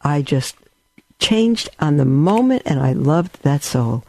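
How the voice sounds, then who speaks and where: A man's voice: on the high side, lively intonation, slow, vocal fry, no echo. A man giving a rambling spiritual talk, telling stories with asides. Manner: storytelling, warm and rambling with asides. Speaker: religious teacher.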